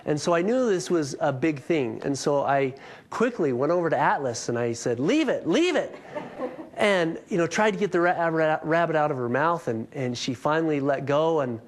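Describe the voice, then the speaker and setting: A man's voice: a little high, a little hiss or hum. A man in his thirties giving a health workshop talk, telling a story with self-mocking humor before moving on to teaching.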